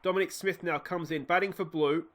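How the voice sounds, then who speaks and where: A man's voice: a little high, fairly even intonation, fairly quick, fairly bright tone. An Australian man hosting a let's play, giving casual game commentary with chatty, wry asides to the players.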